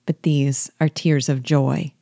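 A woman voicing an old male sergeant who is loyal, emotional and humble, speaking slowly and falteringly. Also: low voice, little pitch movement, vocal fry, mellow, no echo, clean studio sound, full character voice.

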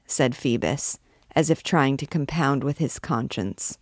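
A woman hosting a read-along, reading a classic novel aloud in a measured, steady manner. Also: rumbling low, no room sound, studio quality.

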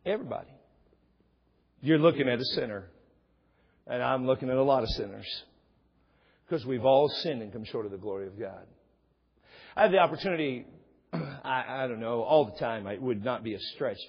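Preaching in a church sanctuary, a middle-aged pastor speaks at normal speed in an animated, husky voice, pausing often. His sermon is conversational, and he acts out short dialogues with rising pitch. The recording is dull with long hall reverb.

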